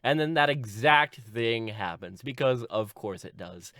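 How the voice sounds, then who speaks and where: A man giving a deadpan, sarcastic comedic plot recap as a video host. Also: unhurried, no echo, studio quality. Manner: deadpan sarcastic, lively swings in pitch.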